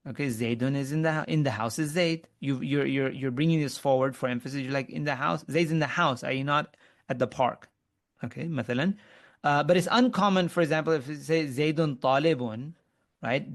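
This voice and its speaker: In an online webinar lesson, a fairly high-pitched man teaches Arabic grammar one step at a time. He quizzes his students and frequently starts his sentences over.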